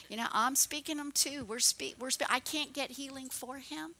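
A woman's voice: sits high, normal speed, bright, forceful tone. A woman pastor preaching a fervent, encouraging sermon.

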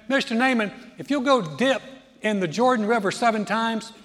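A man preaching, putting on a high, polite voice for a young male messenger who briskly brushes off a visitor. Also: fairly bright tone, long reverb tail. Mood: chirpy polite. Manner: chirpy, formal, brushing someone off.

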